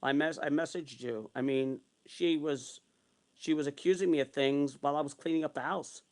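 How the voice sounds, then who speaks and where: A man's voice: on the high side, normal speed, darkish tone. A man ranting heatedly in a vlog, repeating himself and swearing as he retells his arguments. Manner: long retellings of arguments in quotes. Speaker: vlogger. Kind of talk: angry ranting monologue.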